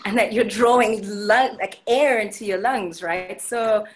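A woman's voice: medium pitch, a little slow, a little hiss or hum. A woman with a South African accent, a guest on a video-call webinar, explaining her writing and reading her own poem with earnest emphasis. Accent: South African English. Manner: earnest, emphatic spoken-word delivery. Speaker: guest poet.

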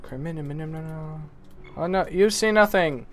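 A man streaming a video game live, chatting with viewers and reacting excitedly and goofily to the play. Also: a little high, normal speed, soft background music. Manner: excitable, goofy, talks to chat. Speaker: gaming streamer. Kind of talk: live gameplay commentary.

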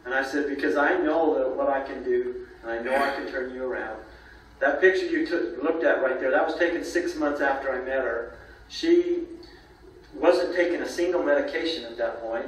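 A man's voice: fairly high pitch, far from the mic. Man telling stories in an echoey room. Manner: rambling anecdotes, frequent "you know" and "okay?" tags. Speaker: nutrition company presenter. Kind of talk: casual storytelling talk.

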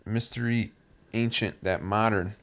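A man's voice: lowish voice, steady tone, a little slow. A man voicing a gloomy, sighing mock turtle telling of its school days. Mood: mournful. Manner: mournful, sighing. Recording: dull lo-fi recording.

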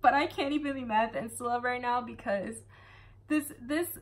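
Woman, book review vlog, casual chat, sarcastic asides, a bit high-pitched. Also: normal speed. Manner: chatty, sarcastic asides, frequent laughter.

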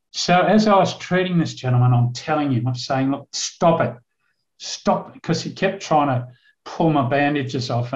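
A man's voice: mid-range voice, a little mellow. An older man, preaching a sermon through a vivid story and acting out the dialogue. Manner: vivid storytelling, acts out dialogue in his telling. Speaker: guest preacher, retired police officer. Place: church. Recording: echoey, dull church recording.

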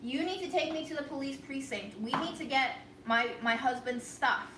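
A woman's voice: high-pitched, moderate pace, bright, forceful tone, distant mic, a little hiss or hum, voice pushed up. A woman voicing a distraught, confused elderly grandmother who insists and accuses, recorded in an echoey room a little away from the mic. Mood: upset, accusing. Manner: agitated, insistent, pleading.

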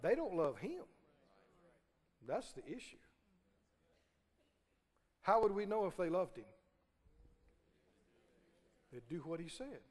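Male preacher, high and swooping voice, sermon with call-and-response, long church reverb. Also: very animated, slow, pauses often. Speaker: pastor. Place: church sanctuary.

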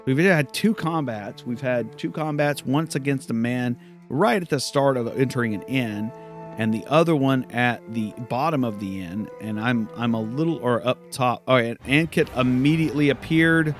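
A man's voice: medium pitch, normal speed, soft background music. A man casually commenting on his gameplay, rambling and correcting himself as he goes. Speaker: let's play host.

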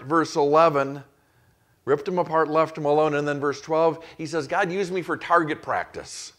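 A man's voice: a little high, fairly even intonation, moderate pace, fairly bright tone. A male pastor preaching an expository sermon, acting out the quoted voices with rising intensity. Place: church.

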